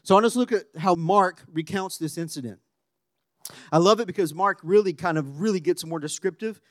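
A man preaching a sermon, animated and conversational, dropping to a hushed voice when acting out quotes. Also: sits high, fairly quick, no room sound, studio quality. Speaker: pastor.

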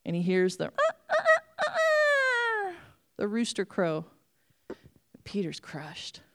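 A woman preaching a sermon, retelling a story with animated storytelling and acted-out voices. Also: mid-range voice, clean tone.

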